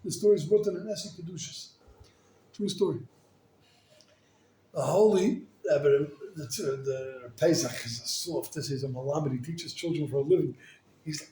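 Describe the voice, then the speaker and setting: A rabbi telling stories in a sermon, animated and casual, full of "like" and "you know.". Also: male voice, fairly high pitch, moderate pace. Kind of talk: storytelling sermon. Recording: echoey room with faint noise.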